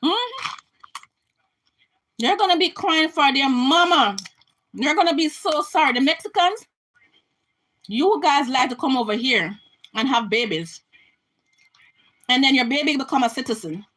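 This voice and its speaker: A woman's voice: high voice, lively intonation, a little slow, pauses often, fairly bright tone, poor audio. A Jamaican woman giving an impassioned political rant to her camera, emphatic and repetitive, often restarting her sentences. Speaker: vlogger.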